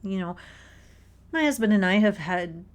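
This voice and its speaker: Female host, casual book-discussion delivery, expressive and anecdotal, laughs as she talks, mid-range pitch. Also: normal speed. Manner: expressive, storytelling, laughs while talking. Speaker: podcast host reading a book. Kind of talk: casual spoken book commentary.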